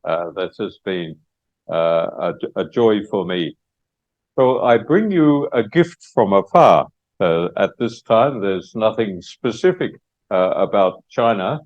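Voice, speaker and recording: Slow, hesitant Australian man lecturing. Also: lowish voice, lively intonation, muffled recording. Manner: unhurried, many hesitations. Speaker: guest speaker, lawyer. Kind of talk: public lecture.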